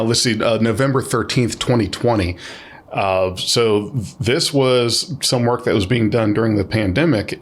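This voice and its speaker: A man co-hosting a podcast in casual chat, talking thoughtfully with many hesitations. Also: medium pitch. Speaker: podcast co-host.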